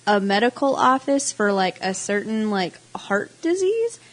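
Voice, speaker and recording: A young adult woman co-hosting a casual podcast chat, telling animated stories and acting out the people she quotes. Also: medium pitch, a little slow, low-quality recording. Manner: animated storyteller, acts out quoted voices. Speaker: podcast co-host.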